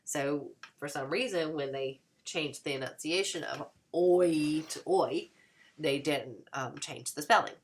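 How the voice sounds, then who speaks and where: A woman with a low, deep-set voice gives a recorded lecture. She explains step by step and slows down to sound out vowels carefully, like a teacher at work. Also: fairly bright tone.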